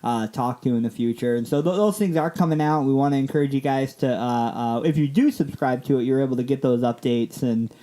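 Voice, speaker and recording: A man's voice: medium pitch, fairly quick, hardly any pauses, mellow. Laughing, easygoing male podcast co-host. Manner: laughs often, loose and joking. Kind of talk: casual podcast chat.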